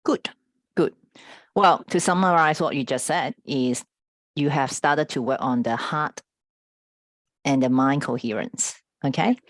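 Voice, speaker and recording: Woman, very low voice, life coach, measured, affirming, dry close sound. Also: no room sound. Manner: measured and affirming, summarizing the client's points. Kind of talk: coaching session.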